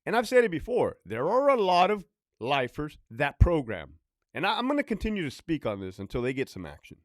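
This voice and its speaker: A man's voice: on the high side, wildly swooping pitch, fairly quick, dry recording, studio quality. A former prison officer telling stories in a casual monologue, blunt and profane, hammering his points by repeating them. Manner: blunt, profane, repetitive ranting.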